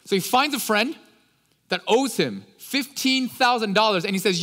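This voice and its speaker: A man preaches in a relaxed, slangy way, as if chatting with the congregation. His voice sits fairly high for a man. The sound carries a long reverb from a big hall. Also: normal speed. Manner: casual, slangy storytelling. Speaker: pastor. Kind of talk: sermon.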